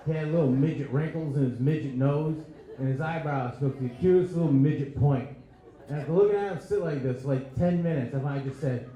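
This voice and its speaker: Brash, profane comedian in an echoey club. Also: male voice, on the high side, warm tone. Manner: brash, profane, laughing at own jokes. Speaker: stand-up comedian. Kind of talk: crude stand-up set. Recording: very echoey club room with crowd.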